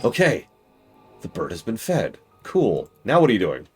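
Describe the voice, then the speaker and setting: Exasperated low-voiced man scolding onscreen characters. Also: wildly swooping pitch, normal speed, slightly rough, faint music behind. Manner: swings from loud outbursts to muttering. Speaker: streamer. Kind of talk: live gameplay commentary.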